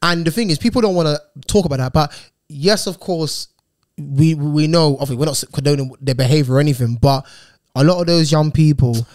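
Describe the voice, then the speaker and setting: A man's voice: a little high, brisk, darkish tone, dry recording, studio quality. A man co-hosting a podcast, speaking in a reflective, supportive way. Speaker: podcast co-host. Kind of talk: casual podcast chat.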